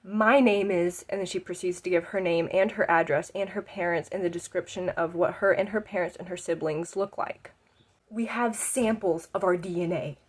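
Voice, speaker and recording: A woman voicing a frightened young girl who whispers an urgent message in a hushed voice. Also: on the low side, fairly even intonation, moderate pace, breathy edge. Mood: whispering.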